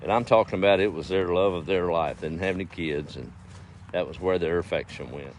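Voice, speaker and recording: A man's voice: deep voice, a little fast, slight background noise. A man telling folksy stories in a laid-back, chuckling way, outdoors in his garden. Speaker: storyteller. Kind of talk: folksy storytelling.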